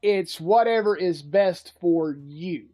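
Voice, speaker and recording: Podcast host, adult, crude and joking, reads chat aloud; music faintly underneath. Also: male voice, sits high, takes it slowly, mellow.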